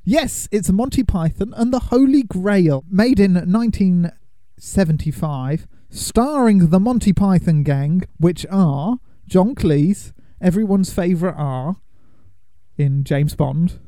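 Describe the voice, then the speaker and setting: A man's voice: high voice, expressive, slow pace, dark tone, dry recording. A young man hosting a movie podcast, chatting casually and laughing often as he explains things. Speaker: podcast host. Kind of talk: casual chat.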